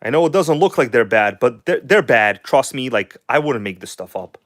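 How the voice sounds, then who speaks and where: A man's voice: mid-range voice, normal speed, dry recording, clean studio sound. Chatty man hosting a hobby livestream. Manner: chatty, swings between animated showman tone and mumbled asides. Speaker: livestream host. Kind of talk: casual livestream chat while working on a model engine.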